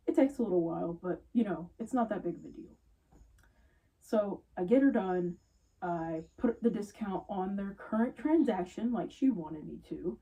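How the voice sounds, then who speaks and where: A woman's voice: medium pitch, distant mic, low-quality recording. A young woman retail worker casually telling an exasperated story about rude customers. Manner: exasperated, animated retelling with quoted customers.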